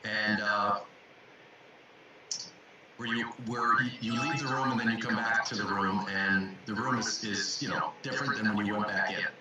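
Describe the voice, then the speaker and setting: A man's voice: fairly low pitch, steady tone, moderate pace. A man who works as a coach, talking reflectively on a video call and repeating words as he searches for them. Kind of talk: casual video chat. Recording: echoey, distant from mic, loud background noise.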